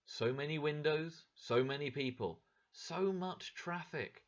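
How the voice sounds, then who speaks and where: A man's voice: a little high, a little slow, muffled recording, voice pushed up, lightly acted. A man voicing a puzzled, thoughtful young woman in a storybook reading. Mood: musing. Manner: wondering, thoughtful.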